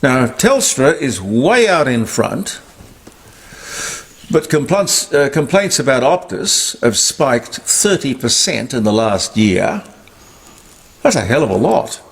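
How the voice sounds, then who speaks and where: A man's voice: mid-range voice, very animated, slow. An older man, delivering an emphatic, indignant political commentary monologue. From Australia. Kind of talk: opinionated monologue.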